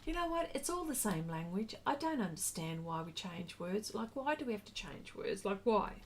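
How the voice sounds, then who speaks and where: This Australian woman's mid-range, sing-song voice moves at a normal speed against slight background noise. She's running a casual art livestream, chatting and replying to comments in a friendly, rambling manner, with her tone rising and brightening as she greets viewers.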